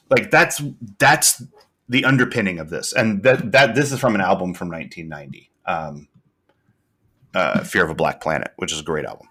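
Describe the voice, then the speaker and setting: A man's voice: fairly low pitch, moderate pace, fairly bright tone, slightly rough. A man co-hosting a podcast, talking through a TV episode in casual chat, thoughtful and rambling with many fillers. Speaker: podcast co-host.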